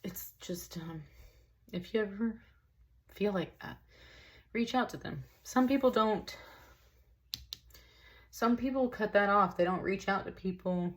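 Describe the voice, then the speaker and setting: A woman's voice: mid-range voice, unhurried, pauses often. A woman giving a casual, rambling tarot reading, emotional and a little tearful, full of "like" and "y'all". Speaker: tarot reader.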